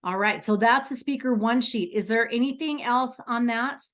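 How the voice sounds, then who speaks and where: A woman's voice: fairly high pitch, normal speed, fairly bright tone. A middle-aged woman coaching aspiring speakers in a bubbly, enthusiastic, chatty way, full of stories. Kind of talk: coaching lesson.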